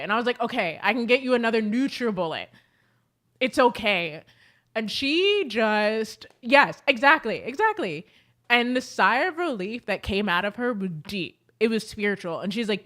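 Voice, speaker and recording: A young adult woman chatting casually to camera as a beauty vlogger, telling animated stories with lots of fillers. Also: fairly high pitch, moderate pace.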